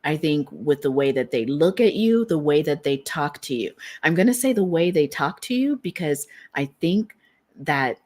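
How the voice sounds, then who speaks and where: Woman, low voice, tarot reader, casual chat, giggly, wandering train of thought. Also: expressive, moderate pace, darkish tone. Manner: rambling, laughs often, trails off searching for words. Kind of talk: casual collective tarot reading. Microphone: streaming setup.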